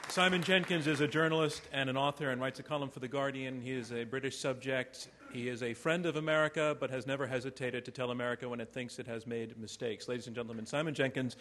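A man moderating a debate and introducing the next speaker in a brisk, announcing way. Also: mid-range voice, steady tone, a bit bright, long reverb tail. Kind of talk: formal introduction.

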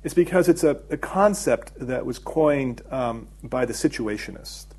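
A middle-aged man, a documentary filmmaker, giving a thoughtful interview and explaining his ideas with frequent pauses and fillers. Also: medium pitch, lively intonation, darkish tone, breathy edge. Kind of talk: reflective interview talk.

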